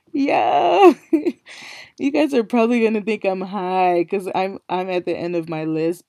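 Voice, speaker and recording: A woman's voice: sits low, warm tone, no echo, studio quality. A woman hosting a casual solo podcast, English not her first language, rambling through puzzled questions with many fillers. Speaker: podcast host.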